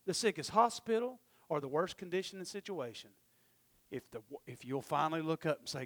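A man preaching a sermon in church, emphatic, swinging from loud exclamations to quiet murmurs. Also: on the high side, animated, a little fast. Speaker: pastor.

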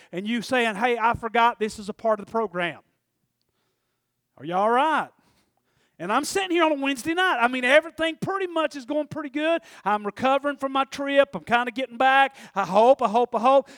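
A man's voice: very high voice, a bit bright, smooth, no room sound, clean studio sound. A man preaching a folksy, conversational sermon, often checking in with the congregation.

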